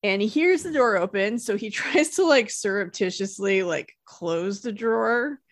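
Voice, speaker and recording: A woman's voice: medium pitch, animated, moderate pace, no room sound, clean studio sound. A woman co-hosting a podcast, casually retelling a TV episode and often laughing. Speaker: podcast co-host recapping a TV episode. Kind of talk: casual chat.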